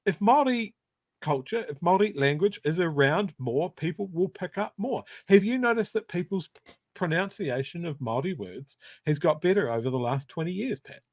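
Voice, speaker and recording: A man from South Canterbury with a New Zealand accent, co-hosting a podcast and telling stories in a conversational, animated way. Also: a little high, normal speed, no echo. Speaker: podcast co-host. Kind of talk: casual chat.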